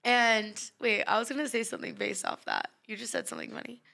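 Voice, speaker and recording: A woman's voice: a little high, lively intonation, quick pace, vocal fry, bright, forceful tone. A young adult woman co-hosting a podcast in casual chat, giggly and chatty with lots of fillers. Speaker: podcast co-host.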